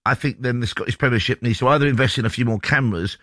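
Brisk, fast-talking sports radio host. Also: male voice, mid-range voice, fairly bright tone, dry recording. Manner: brisk, teasing, chatty.

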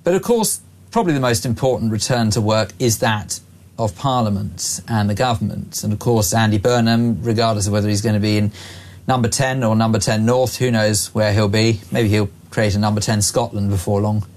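Male radio host, forties, dry sarcastic wit, pushes his views briskly. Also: lowish voice, darkish tone. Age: 40s. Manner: brisk, sardonic, opinionated. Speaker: radio presenter. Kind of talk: talk radio discussion.

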